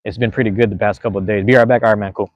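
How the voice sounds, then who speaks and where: Laid-back, fast-rambling young man, low voice. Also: steady tone, dull audio. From US West Coast. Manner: laid-back, rambling, street slang and cursing. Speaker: podcast host and live streamer. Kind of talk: casual live-stream monologue.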